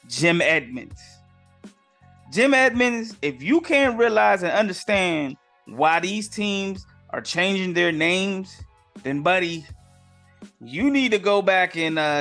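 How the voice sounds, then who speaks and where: Man, sports podcast host, high voice, casual slangy commentary, exasperated asides, faint background music. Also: a bit bright.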